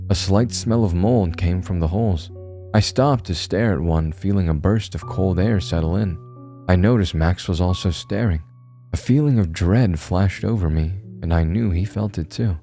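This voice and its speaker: A man giving a steady, measured scripted narration of a horror story. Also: low-pitched.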